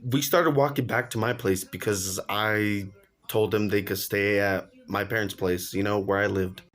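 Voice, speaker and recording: A man's voice: lowish voice, steady tone, normal speed, fairly bright tone. A young man casually telling a personal story on his vlog, slangy and laughing along as he goes. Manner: laid-back slangy, laughs while telling. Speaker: vlogger.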